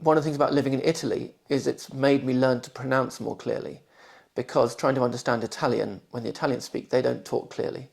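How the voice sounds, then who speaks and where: Gravelly posh English man in his forties. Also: mid-range voice, fairly even intonation, fast, a little mellow. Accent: posh southern English. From London, England. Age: 40s. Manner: careful, clearly pronounced speech. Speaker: interviewee. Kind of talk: reading test passages, then interview answers.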